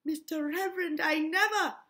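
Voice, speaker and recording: A woman's voice: very high voice, normal speed, pushed and bright, voice pushed up. A woman voicing a frightened woman pleading in broken dialect. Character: frightened enslaved woman accused of witchcraft.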